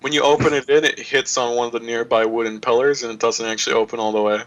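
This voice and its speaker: A man's voice: mid-range voice, steady tone, quick pace, a bit bright, rough recording. A man narrating as game master for a tabletop game, describing scenes loosely with lots of fillers.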